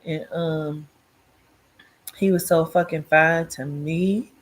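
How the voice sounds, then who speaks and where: A woman telling her own life story in a casual, animated way, cursing freely and acting out what people said. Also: sits low, slow. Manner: profane, blunt and animated, acts out quoted speech; addresses listeners directly as "child" and "girl".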